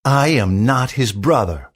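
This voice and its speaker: Man voicing a haughty boy king in rags, storybook figure, indignant, animated pitch. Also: slow, breathy edge, heavily acted. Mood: angry.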